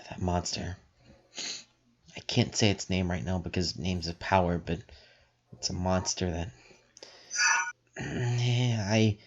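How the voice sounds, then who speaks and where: A man voicing a worried young man in a tabletop game, speaking in hushed, sighing tones. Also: low voice, unhurried, highs cut off. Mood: hushed, nervous.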